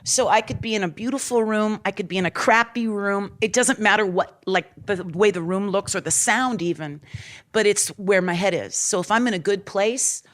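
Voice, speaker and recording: A rock singer in her forties, with a mid-range voice and a moderate pace, speaks openly and from the heart in an interview, using frequent fillers.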